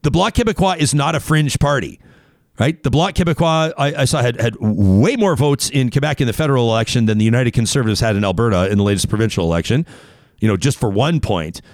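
A man hosting a talk radio show, opinionated and animated, talking in quick asides with his co-hosts. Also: medium pitch, no room sound. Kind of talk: casual talk radio banter and ad reads.

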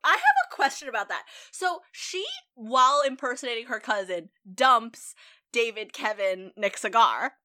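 A woman's voice: on the high side, very animated, normal speed, pushed and bright. A young woman co-hosting a casual movie-review chat, with wry, dry humor. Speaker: podcast co-host.

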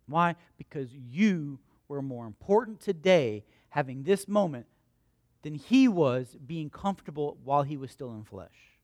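A male pastor preaching a sermon. He repeats lines for emphasis, asks questions and answers them himself, and moves between loud emphatic peaks and quiet storytelling. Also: on the high side, animated, unhurried, dry recording, clean studio sound.

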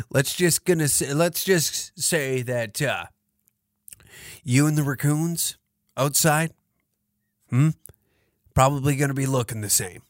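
A man's voice: mid-range voice, slow pace, long pauses, dry recording. Male podcast host, foul-mouthed rambling comic riff, dry close sound. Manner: profane, rambling, joking. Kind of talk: crude comedic podcast monologue.

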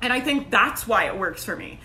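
A woman in her thirties giving a loud, emphatic motivational talk to camera, laughing often and peppering her speech with "like" and "right?". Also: on the high side, animated, normal speed. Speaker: online business coach. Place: at home. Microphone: phone.

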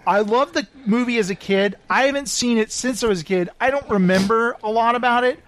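High-voiced jokey male host. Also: brisk. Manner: jokey, animated, breaks into mocking shouted impressions. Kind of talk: casual entertainment news chat.

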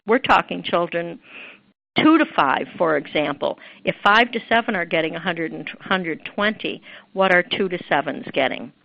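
A woman with a fairly low voice gives an earnest training lecture to early childhood teachers, stressing points with emphasis. The recording sounds dull and lo-fi. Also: no room sound.

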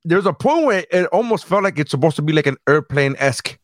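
A man co-hosting a casual podcast, telling stories in an animated way and swearing freely. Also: fairly high pitch, quick pace, dry recording. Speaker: podcast co-host.

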